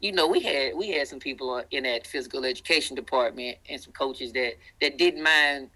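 Man, Southern accent, bright voice, animated storyteller, interview guest, mimics quoted people. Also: mid-range voice, brisk, rough recording.

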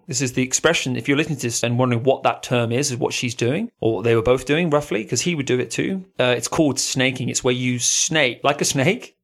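A man spins a story on a podcast in a loose, chatty way, sprinkling in ums and uhs. His voice sits at an ordinary middle pitch and grows more animated as he talks. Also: fast talker, hardly any pauses. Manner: animated, rising loudly at the story's climax; many fillers, uh and um. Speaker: podcast co-host. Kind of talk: casual storytelling chat.

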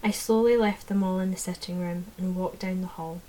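A woman narrating a fantasy audiobook in the first person, in a measured, low-key way. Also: steady tone, mellow, rough recording.

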